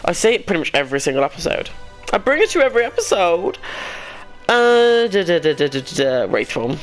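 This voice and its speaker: A man's voice: fairly high pitch, big pitch swings, quick pace, soft background music. A man giving casual let's-play commentary, thinking aloud as he plays and poking fun at himself now and then. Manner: thinks aloud, rambling and self-deprecating. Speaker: gaming YouTuber.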